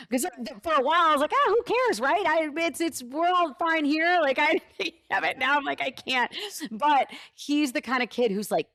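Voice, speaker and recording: A woman in her thirties, a radio host and guest, telling lively stories and acting out the voices of the people in them. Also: on the high side, no room sound. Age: 30s. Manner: animated storyteller, acts out voices in quotes, laughs often. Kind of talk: casual interview chat, storytelling.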